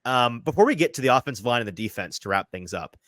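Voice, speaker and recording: A man hosting a sports podcast in casual chat, quick and self-deprecating, a little out of breath. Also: mid-range voice, expressive, a bit bright, no room sound. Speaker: podcast host. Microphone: headphones, remote call.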